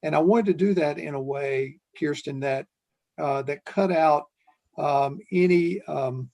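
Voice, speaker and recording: Older male guest, ex-police chief, fry in the voice, earnest and unhurried. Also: a little high, dark tone. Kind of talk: conversational interview storytelling.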